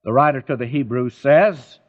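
A man's voice: mid-range voice, normal speed. Male preacher, earnest, direct address, dull lo-fi recording. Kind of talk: radio Bible sermon.

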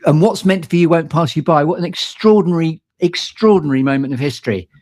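A man's voice: fairly high pitch, fast talker, a little mellow. A man hosting a podcast, speaking in an effusive, flowery way. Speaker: podcast host. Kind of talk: casual chat.

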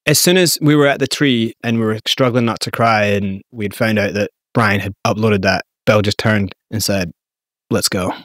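A man from Scotland with a Scottish accent, telling a lively story as an interview guest and acting out the quotes. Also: on the low side, moderate pace, few pauses, dry recording, studio quality. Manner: animated storyteller, acts out quotes.

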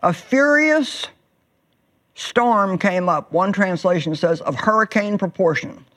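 A woman's voice: fairly low pitch, a little slow, a bit bright. Earnest woman preaching a sermon. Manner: earnest, drawing out words for emphasis.

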